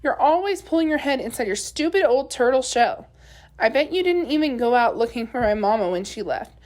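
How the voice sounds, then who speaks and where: A woman's voice: sits high, animated, normal speed. A woman voicing a stubborn ten-year-old girl who pleads and insists, read from a storybook. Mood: pleading. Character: stubborn ten-year-old girl, heartbroken over her lost dog.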